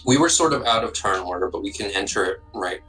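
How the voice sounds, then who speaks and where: A man guides players through a tabletop game as dungeon master. His voice sits a bit low, and he talks in a relaxed way that keeps doubling back on itself mid-sentence. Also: fast talker, soft background music, low-quality recording. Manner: relaxed, restarts sentences often.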